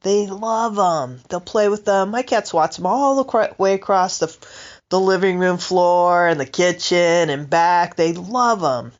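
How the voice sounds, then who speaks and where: A woman's voice: fairly low pitch, unhurried, lo-fi sound. A woman doing a stand-up comedy monologue, rambling and asking her listeners questions. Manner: rambling, animated, asks the audience questions. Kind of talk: comic monologue.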